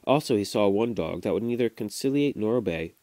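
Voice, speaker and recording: A man reading a classic novel aloud to his children, at a steady storytelling pace with small restarts. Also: fairly low pitch, fairly quick, no echo. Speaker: father reading to his kids. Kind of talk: audiobook narration. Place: home recording.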